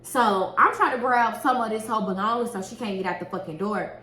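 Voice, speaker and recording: A woman who works as a nail technician telling a story in a casual, animated way, swearing often and acting out what people said. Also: medium pitch, a little fast. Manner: animated, profane, acts out quoted dialogue. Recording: echoey room with faint noise.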